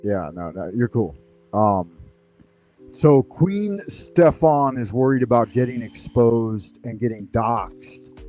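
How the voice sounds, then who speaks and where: A man hosting a casual online voice chat, laid-back and mildly amused, trying to calm the others down. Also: mid-range voice, slow, faint music behind. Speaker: host of a voice chat.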